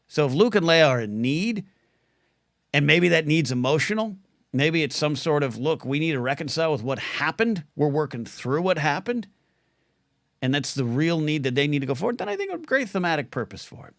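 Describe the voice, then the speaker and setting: A man's voice: on the high side, animated, normal speed, a bit bright, no echo, studio quality. A middle-aged man hosting a solo livestream podcast, rambling through chat questions with lots of restarts.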